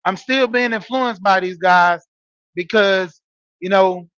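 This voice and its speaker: A man's voice: sits high, slow pace, a bit bright, smooth, no room sound, highs cut off. A man in his forties hosting a casual monologue show, telling stories to listeners with lots of fillers. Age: 40s. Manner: storytelling, talking straight to listeners with frequent fillers. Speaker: podcast host and wrestling coach. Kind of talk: casual monologue, greeting live chat.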